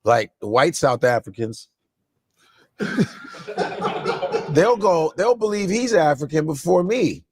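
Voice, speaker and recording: Comedian guy riffing, all over the place pitch-wise, does little voices. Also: slow, pauses often, breathy edge. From Nigeria-born family. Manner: animated, jumps into mock voices. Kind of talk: casual chat.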